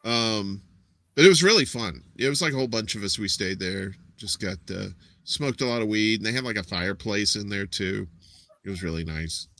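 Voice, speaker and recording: A man's voice: fairly low pitch, moderate pace, fairly bright tone, no echo. A man hosting a live show in casual chat, rambling and telling jokes with many fillers. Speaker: show host.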